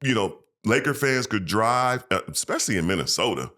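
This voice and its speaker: A man, a former pro basketball player, telling emotional, animated stories as a podcast guest and acting out quoted voices. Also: on the low side, fairly quick. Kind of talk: casual storytelling interview.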